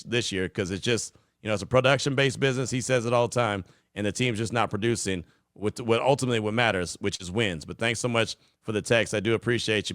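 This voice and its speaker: A man's voice: mid-range voice, no echo, studio quality. Laid-back male sports podcast host. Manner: relaxed, conversational, many fillers. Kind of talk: casual call-in show talk.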